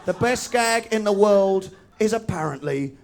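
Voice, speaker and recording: A male stand-up comedian on stage, tearing through a sarcastic, rapid-fire rant. His voice sits high for a man and has a gravelly rasp to it. It sounds like a live show recorded on a stage microphone. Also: expressive. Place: live show in front of an audience.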